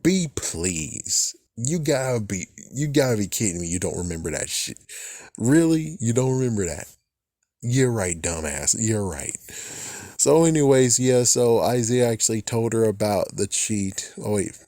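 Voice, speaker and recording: A man's voice: lively intonation, moderate pace, mellow, no room sound, studio quality. A man giving a casual, ranting recap of a TV episode, often swearing and mocking the characters in a raised voice. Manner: mimics characters' lines in a higher voice. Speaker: fan reviewer.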